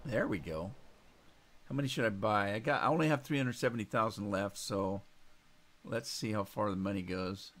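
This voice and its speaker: A man's voice: on the low side, moderate pace, a bit bright. A man casually chatting with his live chat while playing a game, rambling and answering questions as he goes. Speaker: gaming streamer. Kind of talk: casual live-stream commentary. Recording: noisy game audio behind.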